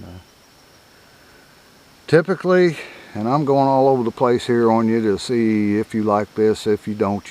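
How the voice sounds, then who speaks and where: Folksy older man, low-voiced. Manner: folksy, rambling, chuckles often. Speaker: coyote hunting instructor. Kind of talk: casual outdoor teaching.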